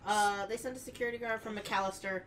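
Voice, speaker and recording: A woman's voice: mid-range voice, steady tone, fast, fairly bright tone, a little hiss or hum. A woman co-hosting a podcast in casual chat, making teasing, wry asides while recapping a movie. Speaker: podcast co-host.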